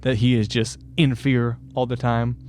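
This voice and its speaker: A man's voice: mid-range voice, flat delivery, unhurried, darkish tone, a little hiss or hum. A man co-hosting a casual true-crime podcast, swearing freely, laughing and acting out quotes. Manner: profane, laughing, acts out quotes. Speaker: podcast co-host.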